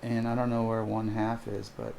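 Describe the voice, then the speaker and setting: A man's voice: on the low side, monotone, moderate pace, creaky, a little mellow, slight background noise. A man teaching calculus in a recorded homework walkthrough, thinking aloud as he sketches graphs and corrects himself. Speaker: math teacher.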